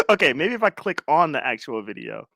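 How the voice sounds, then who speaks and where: Loud laughing high-voiced man streaming. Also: brisk, gravelly, dry recording, clean studio sound. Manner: laughs constantly, loud and animated. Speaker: livestream host. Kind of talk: casual livestream chat.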